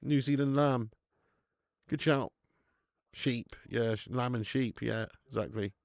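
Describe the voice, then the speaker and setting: A man's voice: medium pitch, takes it slowly, vocal fry, a little mellow, no echo. A man hosting a live football watch-along, chatting casually, bantering with viewers and swearing now and then.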